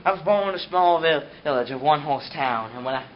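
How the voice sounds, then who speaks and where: Pompous old-master sculptor type, full of himself, played by a teen boy, slightly high-pitched, dull lo-fi recording. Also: fairly quick, natural voice. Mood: boastful. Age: teens. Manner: pompous, boastful. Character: boastful pompous male Michelangelo, self-important artist. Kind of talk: amateur school video sketch. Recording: dull lo-fi camera audio with hiss.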